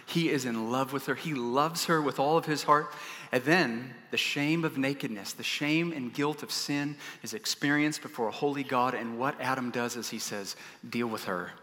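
A man preaching a sermon, telling stories in an animated way and adding humorous asides. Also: medium pitch, normal speed, in a large hall. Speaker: pastor.

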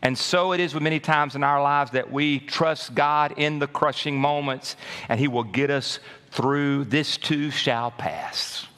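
A man preaching a sermon as pastor, animated and calling out to his congregation. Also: a little high, unhurried, clear, resonant tone. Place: church sanctuary. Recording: long reverb of a large hall.

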